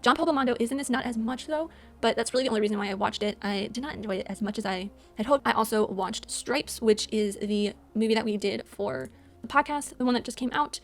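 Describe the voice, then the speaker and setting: A woman's voice: fairly high pitch, fast. A woman hosting a movie channel, chatting casually through a monthly recap of what she watched, rambling and correcting herself as she goes. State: out of breath. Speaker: movie channel host and podcaster. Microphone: voice-over, no camera.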